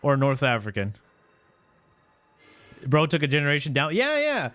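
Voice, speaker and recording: A man in his thirties from Canada, a streamer telling a long personal story to his chat in an animated, slangy, profane way, checking in with "right?" again and again. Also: a little high, moderate pace, faint music behind. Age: 30s.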